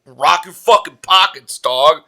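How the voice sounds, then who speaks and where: A man's voice: fairly high pitch, measured pace, creaky, sharp tone, pitched above the performer's own voice, exaggerated voice. A man doing a menacing shirtless street robber. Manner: threatening, profane, confrontational.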